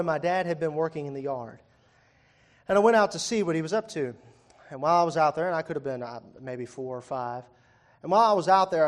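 Man preaching to a congregation. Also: a little high. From Virginia. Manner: conversational, asks the congregation questions, wry asides. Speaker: pastor. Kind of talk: sermon. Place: church hall before a congregation.

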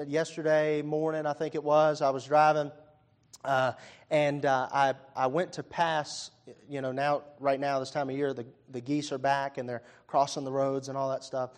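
A man preaching a sermon, moving from quiet conversational storytelling to loud, impassioned peaks, with frequent "uh" and "you know" fillers. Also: a little high.

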